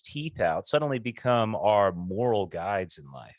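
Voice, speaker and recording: Man, podcast co-host, low-ish voice, animated swings, opinionated, dry sound. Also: unhurried, hardly any pauses, dry recording. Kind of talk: casual chat.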